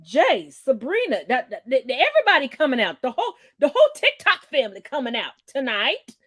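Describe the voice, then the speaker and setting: A woman of Caribbean background hosting a casual conversation, playful and lively. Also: sits high, a little fast, dry recording, studio quality. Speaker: host.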